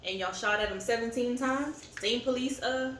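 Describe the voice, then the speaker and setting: A woman's voice: fairly high pitch, moderate pace, a bit bright, a little hiss or hum. A woman co-hosting a casual chat over a meal, talking candidly and rambling as she vents, recorded at home on a camera set a short way off. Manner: candid, venting, rambling with fillers. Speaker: co-host of a family eating channel. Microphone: camera set up at a distance. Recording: roomy echo, distant mic, faint ambience.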